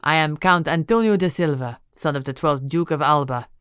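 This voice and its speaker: A woman voicing a pompous aristocratic count, a grown man with a deep, booming voice, a Spanish accent and haughty, formal speech, in an audiobook. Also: normal speed, a bit bright, clear, resonant tone, no echo, clean studio sound. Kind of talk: audiobook character voice.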